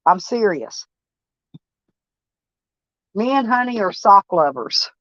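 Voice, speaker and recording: A woman's voice: mid-range voice, lively intonation, slow pace, a bit bright, dry recording, muffled recording. A woman chatting casually to her viewers from her van, folksy and blunt, swearing freely. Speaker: van life vlogger. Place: van or camper, indoors.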